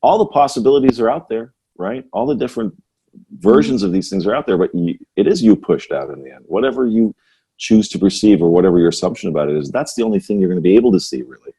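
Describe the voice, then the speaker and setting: A man's voice: on the low side, big pitch swings, fast talker, gravelly, mellow, slightly rough. A man hosting a podcast, chatting casually and musing in a rambling way, often tagging his points with "right?". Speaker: podcast host. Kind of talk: casual conversational chat.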